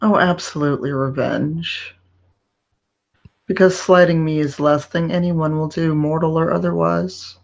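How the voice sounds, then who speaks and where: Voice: mid-range voice, steady tone, unhurried, gravelly. A player speaking in character during a tabletop role-playing game, haughty and languid.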